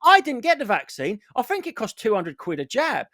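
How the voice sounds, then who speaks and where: A man's voice: extremely high pitch, huge pitch swings, a little fast, bright, forceful tone, no room sound, studio quality. A man, co-hosting a comedy podcast, ranting and swearing as he mimics other people. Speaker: podcast co-host. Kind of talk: casual comedy podcast rant.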